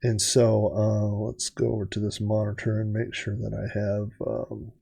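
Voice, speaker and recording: A man's voice: on the low side, monotone, measured pace, creaky, warm tone, husky. A middle-aged man streaming retro games, telling a story casually with lots of fillers and restarts. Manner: rambling, many fillers and restarts.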